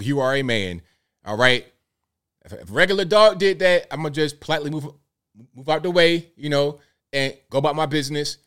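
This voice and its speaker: A male host of a live commentary show, talking in an animated way and firing off rhetorical questions. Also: fairly high pitch.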